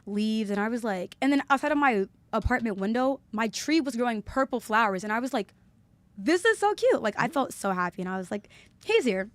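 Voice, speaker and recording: A young woman talks fast in casual podcast chat. She tells her story with lots of "like" and acts out each quote. The sound is close and dry. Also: fairly high pitch, dry recording. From Alabama, USA. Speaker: podcast guest.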